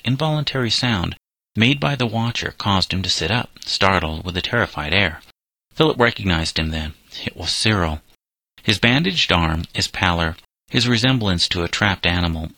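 A male audiobook narrator reading a novel chapter with a measured storytelling delivery. His voice is very deep, with a bright, forceful edge and a close, dry sound. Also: gravelly, no echo, poor audio. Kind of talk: scripted narration.

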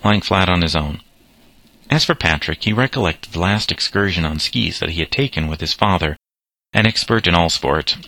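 A man narrates a novel aloud at a steady, measured pace. His voice sits very low but has a bright, forceful ring. The recording is dry and close, with no room sound. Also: no echo.

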